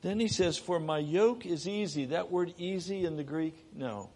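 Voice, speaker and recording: A middle-aged man preaching a sermon, moving between raised, urgent delivery and hushed, soft passages. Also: on the high side, normal speed.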